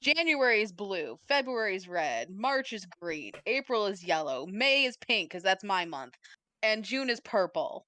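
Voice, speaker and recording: A woman's voice: mid-range voice, sing-song, unhurried, sharp tone, no echo. A woman co-hosting a podcast in casual chat, playful and rambling, swearing freely. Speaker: podcast co-host. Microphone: desk mic, typing nearby.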